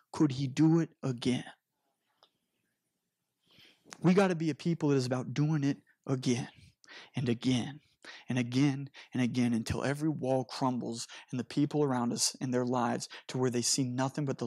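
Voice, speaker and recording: A man's voice: mid-range voice, dry recording, clean studio sound. A man preaching as a pastor in an earnest, conversational storytelling sermon, speaking to a congregation from a church stage. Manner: earnest, animated storytelling with rushed bursts.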